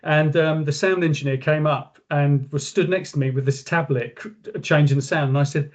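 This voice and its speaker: A man's voice: fairly high pitch, steady tone, normal speed. A man, a company director, speaking casually as a webinar guest, rambling with many fillers and restarts.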